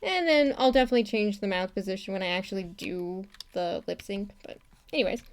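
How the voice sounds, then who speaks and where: A woman's voice: mid-range voice, fairly quick. A woman chatting casually on a live stream while she animates, rambling and laughing often. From not from Texas. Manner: rambling, giggly, laughs often, many restarts. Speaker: animator streaming her work.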